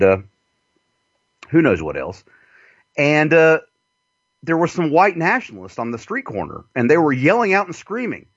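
A man's voice: lowish voice, a bit bright, no room sound. A man with a Southern US accent hosting a radio show, rambling through a profane comic monologue and laughing often. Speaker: radio host. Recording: dull lo-fi dry sound.

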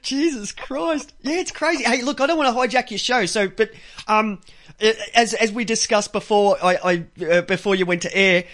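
A man co-hosting a radio chat, telling stories in an excitable, profane way. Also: sits high, normal speed. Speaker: co-host. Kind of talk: crude casual radio chat.

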